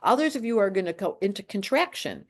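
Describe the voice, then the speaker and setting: A woman in her late sixties, talking in a casual chat as an astrologer, animated and emphatic, often breaking off and restarting her sentences. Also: mid-range voice, fast. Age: 60s.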